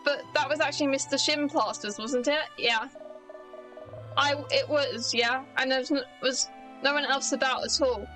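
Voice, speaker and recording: On a low-quality recording, a British streamer voices a nervous male bank security guard in a video game, reading the lines plainly over faint game music. His voice is high-pitched, steady and sharp, at normal speed, with a worried mood and folksy phrasing.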